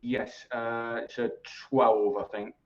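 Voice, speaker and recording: Man, player, very slow halting speech, dull lo-fi voice chat audio. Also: mid-range voice, flat delivery. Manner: slow and halting, asks rules questions. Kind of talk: casual table talk during a game.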